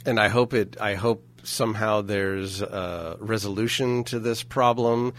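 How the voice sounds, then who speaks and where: A man hosting a casual radio talk show in a studio, hoarse and breathy from a lingering cough, playful and chatty. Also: lowish voice, fairly even intonation, measured pace, fairly bright tone. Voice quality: scratchy, breathy. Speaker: radio host. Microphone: studio mic.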